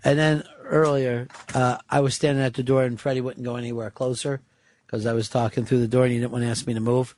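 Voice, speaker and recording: A man's voice: mid-range voice, level tone, fast, darkish tone. A man hosting a radio show, teasing and needling his co-host in casual studio banter.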